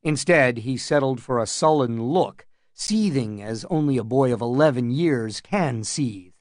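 A man narrating an audiobook in calm, measured storytelling. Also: mid-range voice, no room sound, clean studio sound.

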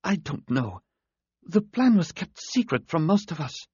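A man's voice: a little high, very animated, a little slow, darkish tone, dry recording, highs cut off, voice pushed up, full character voice. A man voicing a dying male alien who speaks in a weak, urgent voice, in an audiobook. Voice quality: weak, breathy.

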